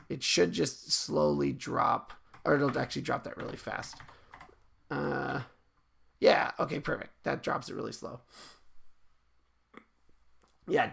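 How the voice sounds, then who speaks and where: A man with a husky, medium-pitched voice and some vocal fry streams himself teaching game coding, relaxed and chatty with viewers. He thinks out loud and keeps correcting himself mid-sentence, while keyboard typing and clicks sound in the background.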